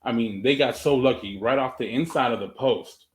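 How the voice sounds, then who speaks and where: Man, calm and measured, sports podcast co-host, middle pitch. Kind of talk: casual sports podcast chat.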